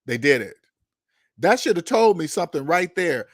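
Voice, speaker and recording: A man hosting a casual talk show, telling stories in an animated, profane way, laughing at himself and acting out what others said. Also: on the high side, normal speed, no room sound, studio quality. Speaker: podcast host. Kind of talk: casual storytelling monologue. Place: Seattle.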